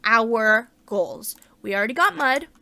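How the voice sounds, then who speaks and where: एक महिला अपना गेम खेलते हुए बातचीत के अंदाज़ में कमेंट्री करती है, ज़ोर से सोचती है और बीच-बीच में उत्साह से उछल पड़ती है।. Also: female voice, fairly high pitch, unhurried, vocal fry, slight background noise. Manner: chatty, thinks aloud, bursts of excitement. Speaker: gaming channel host. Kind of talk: casual let's-play commentary.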